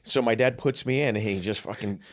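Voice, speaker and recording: A man co-hosting a podcast, with a fairly low voice. He talks in a loose, easygoing way, drifting into asides as he tells his stories. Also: brisk. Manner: relaxed, with many fillers and asides. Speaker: podcast co-host. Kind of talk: casual storytelling chat.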